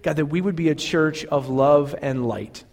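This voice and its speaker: A man's voice: fairly high pitch, normal speed, vocal fry, darkish tone, big-room sound. A male pastor preaching a sermon in an earnest, conversational way, full of fillers and restarts.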